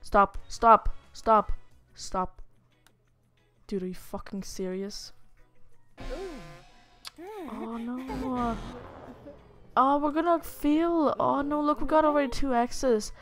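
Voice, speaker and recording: Young woman gamer, chatty and playful, slightly high voice, soft game music under her. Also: slow, pauses often. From Lithuania. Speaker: gaming YouTuber. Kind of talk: casual let's-play commentary.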